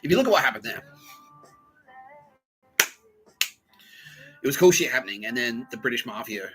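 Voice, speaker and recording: A man's voice: mid-range voice, animated, measured pace, music in the background, poor audio. A man hosting a podcast, talking in a rambling, profane solo monologue and acting out quotes in voices. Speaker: podcast host.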